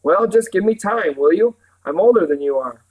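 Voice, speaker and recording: A man's voice: sits high, expressive, moderate pace, darkish tone, voice pushed up, poor audio. A protective teenage boy in a read-aloud story, snapping back with curt impatience, voiced by a man. The tone sits a little above the reader's usual voice. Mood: impatient.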